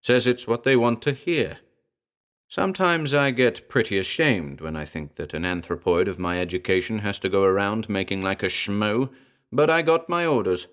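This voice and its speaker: A man's voice: on the low side, moderate pace, a bit bright, clean tone, close to an everyday voice. A man voicing a huge talking gorilla who growls his words but speaks with wry, slangy street talk in a horror storybook reading. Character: educated talking gorilla, huge, gruff, wisecracking.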